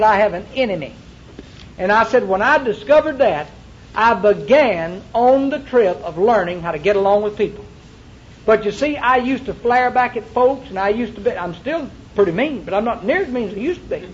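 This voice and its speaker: A man's voice: high-pitched, lo-fi sound, slight background noise. A male pastor preaching a sermon to a congregation, with emphatic repetition and rhetorical questions. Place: church before a congregation.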